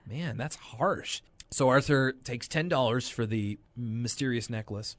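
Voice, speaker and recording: A young adult man co-hosting a podcast, recapping a cartoon episode in a rambling, animated way with lots of fillers. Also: medium pitch, measured pace, no echo. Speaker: podcast co-host. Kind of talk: casual chat recapping a cartoon.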